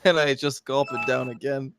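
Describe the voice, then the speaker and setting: A man playing a tabletop game in character, stammering and swinging between loud and mumbled lines. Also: medium pitch, fairly even intonation, moderate pace, gravelly, noisy background. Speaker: player. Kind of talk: in-character tabletop role-play.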